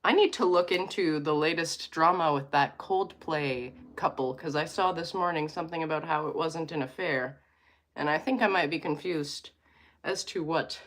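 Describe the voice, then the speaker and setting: Thirties woman from alberta rambling to her vlog viewers, slow unhurried talk, keeps cutting herself off. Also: sits low. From Alberta, Canada. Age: 30s. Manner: rambling, playful, self-interrupting. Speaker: vlogger. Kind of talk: casual chat to viewers.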